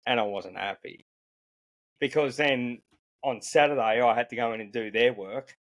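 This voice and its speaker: A man's voice: medium pitch, moderate pace, dry recording. A man, a podcast co-host and business owner, complaining sarcastically in casual chat.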